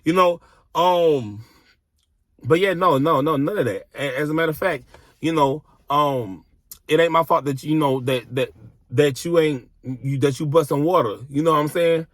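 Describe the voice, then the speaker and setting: A man's voice: a little high, moderate pace, dry recording. A man telling a personal story in a casual vlog from his car, blunt, exasperated and heavy on profanity.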